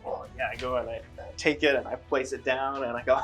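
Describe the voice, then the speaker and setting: A man's voice: mid-range voice, level tone, brisk, a bit bright, faint music behind. A man playing a tabletop game, casual, laughing, with lots of fillers. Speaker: player.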